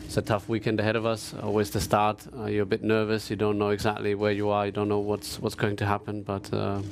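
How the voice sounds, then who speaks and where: A racing driver answering press conference questions, hesitant and full of fillers. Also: male voice, fairly low pitch, completely flat delivery, quick pace, creaky, background noise.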